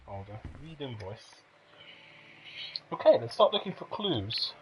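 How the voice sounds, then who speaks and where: A man's voice: medium pitch, sing-song, unhurried, fairly bright tone, a little hiss or hum, rough recording. A man casually commenting while he plays and streams a game, thinking aloud and reacting as he explores. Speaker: let's play streamer.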